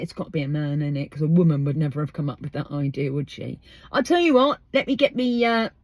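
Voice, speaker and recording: An English podcast host talks outdoors in a mid-range, darkish voice on a dry recording. In her casual monologue she chats emphatically and keeps posing rhetorical questions.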